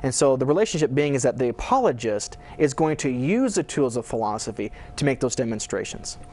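A man's voice: mid-range voice, sing-song, brisk, a little mellow. Earnest man explaining like a lecturer. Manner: earnest, lecturing, with frequent fillers. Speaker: philosophy professor, guest. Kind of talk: explanatory interview answers.

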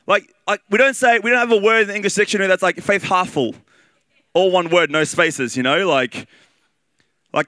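A man with an Australian accent preaching a sermon in a lively, conversational way, with fillers and repeated phrases. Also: high voice, moderate pace, no room sound.

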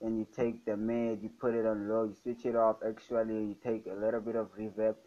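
A man's voice: lowish voice, little pitch movement, a little fast, dull audio. A young man casually talking through a music production tutorial, enthusiastic and repeating his catchphrases. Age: young adult. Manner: enthusiastic, repeats "fire, guys". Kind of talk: casual screen-recorded tutorial. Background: loud music playing.

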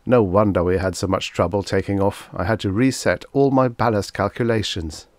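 A man's voice: fairly low pitch, normal speed, darkish tone, no room sound, clean studio sound, natural voice. A man voicing a worried male spaceship crewman who frets and asks anxious questions in an audiobook. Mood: fretful.

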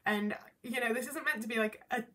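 Bright-voiced young woman vlogging candidly. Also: a little high, a little fast, slight background noise. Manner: candid, rambling, frequent "like" fillers. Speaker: YouTuber. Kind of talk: casual vlog talk to camera.

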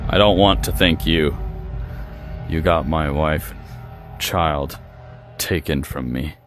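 A man's voice: rumbling low, takes it slowly, faint music behind. A young adult man giving casual, joking commentary while playing a video game. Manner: chatty, joking, reacting aloud. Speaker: gaming streamer.

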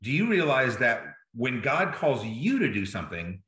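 A male pastor preaching a sermon in a bright, forceful voice, talking conversationally and checking in with his listeners as he goes. He is recorded in an echoey room. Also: medium pitch, big pitch swings, normal speed. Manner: conversational, checks in with "right?" and "okay?".

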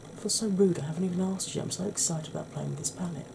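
A woman with a husky, croaky voice hosts a soft-spoken ASMR makeup tutorial, chatting gently to her viewers. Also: on the low side, quick pace, noisy background. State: husky, croaky voice from a sore throat.

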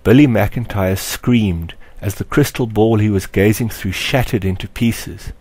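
A man with a low voice narrates a story in a measured, expressive audiobook style. The recording is dry and close, with no room echo. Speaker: author reading his story.

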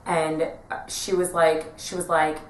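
Lively woman telling a story, echoey room. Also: low voice, a little slow. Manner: animated storytelling, acting out quotes in voices. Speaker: podcast co-host. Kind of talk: casual chat.

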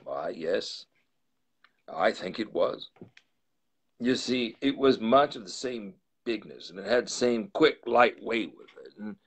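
A man's voice: on the low side, slow pace, husky, exaggerated voice. A man reading aloud, voicing a frightened, loyal older male butler who pleads urgently and drops into whispers. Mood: earnest. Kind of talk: live storytelling reading.

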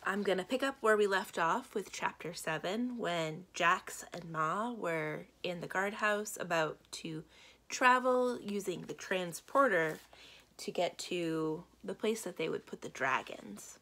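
A woman librarian reading a children's chapter book aloud with steady storytelling. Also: on the low side, a little slow.

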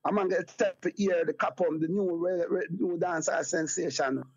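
A man's voice: high-pitched, fairly even intonation, normal speed, slightly rough. A Jamaican man talking as an interview guest in casual patois, rambling and repeating phrases like "you get me, I say". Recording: dull lo-fi sound.

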